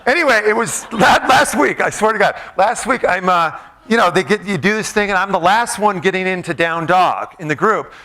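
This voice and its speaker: Playful, bright-voiced male speaker. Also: high voice, lively intonation, fairly quick. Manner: playful, joking, directs the crowd. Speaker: motivational speaker. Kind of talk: interactive comedic talk to a live audience. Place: event room with tables of listeners.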